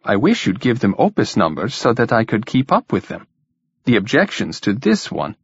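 A man reading the part of a weary, careful male diplomat in a measured, dry manner, in a dull lo-fi recording. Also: mid-range voice, huge pitch swings, creaky, slightly rough, dry recording, heavily acted.

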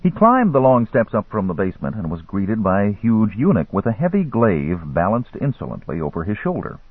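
Husky lively male audiobook narrator. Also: on the low side, fairly quick, dry recording. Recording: dry, phone-like narrow sound.

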